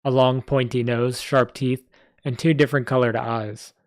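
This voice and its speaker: A man's voice: medium pitch, flat delivery, normal speed, no echo. Man reading a story on stream. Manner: reads aloud with small slips and asides. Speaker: story reader.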